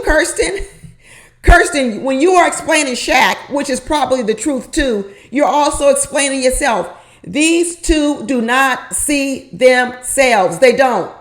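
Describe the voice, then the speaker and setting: A woman with a slightly high voice gives her frank take on a reality show in a casual, conversational way. She drives home each point by repeating it and often turns to the listener with rhetorical questions. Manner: emphatic, repeats points for effect; opinionated, asks the viewer rhetorical questions. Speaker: reality TV commentator. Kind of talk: casual reaction commentary.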